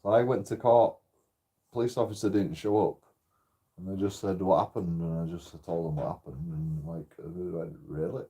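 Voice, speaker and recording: A British man with a fairly low voice rambles through stories in a casual streaming chat. His tone is mellow and relaxed, and he swears freely and laughs often. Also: moderate pace. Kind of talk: casual storytelling while gaming.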